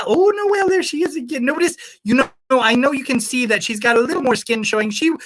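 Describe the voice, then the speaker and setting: A woman's voice: on the high side, fairly bright tone. A woman playing a scatterbrained self-proclaimed primatologist who calls bingo and rambles in a put-on accent that drifts toward the American South. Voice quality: breezy, rambling, cheerfully misinformed. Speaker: bingo caller. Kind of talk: comic live-stream character bit.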